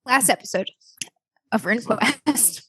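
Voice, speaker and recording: A woman's voice: on the high side, measured pace, bright, forceful tone, slightly rough, no echo. Giggly woman recapping a game session. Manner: giggly, laughs through her lines. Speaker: player.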